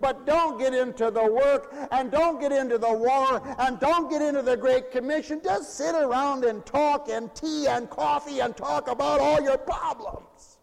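A man preaching a sermon in a mission hall, emphatic, swinging between loud declarations and hushed asides. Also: very high-pitched, normal speed, gravelly, few pauses.

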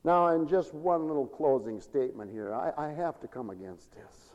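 A high-voiced man preaching with lively, sweeping pitch. He stretches out his scripture lines loudly, then drops to low, confiding murmurs. The sound carries a long reverb from a big hall. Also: moderate pace, lo-fi sound. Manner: animated preaching, swinging from loud declaiming to low murmurs, chuckling. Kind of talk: sermon.

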